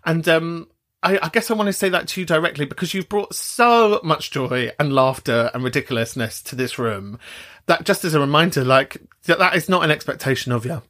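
Earnest podcast host, slightly high voice. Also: male voice, animated, fairly quick. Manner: earnest, affirming, gently emphatic. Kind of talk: podcast outro chat.

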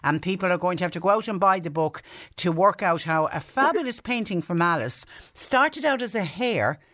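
A woman's voice: fairly low pitch, expressive, moderate pace, fairly bright tone, no room sound. A woman hosting a radio interview in a chatty, friendly manner, speaking from a studio. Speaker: radio show host.

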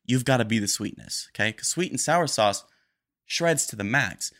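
A young man hosting a casual solo podcast, rambling quickly and a little nervous. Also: medium pitch, expressive, a bit bright. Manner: rambling, fast-talking and a bit nervous. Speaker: podcast host.

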